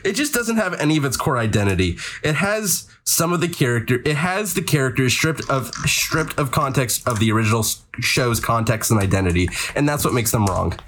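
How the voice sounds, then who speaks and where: A woman's voice: a bass voice, expressive, a little fast, hardly any pauses, a bit bright, a little hiss or hum. Casual woman co-host, rambling, profane, filler-heavy rant. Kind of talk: casual chat.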